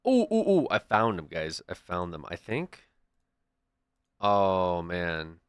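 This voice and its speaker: A young adult man streams and chats casually, rambling through stories with many restarts and storytelling asides. His low, smooth voice swoops wildly in pitch as he takes it slowly, with no echo.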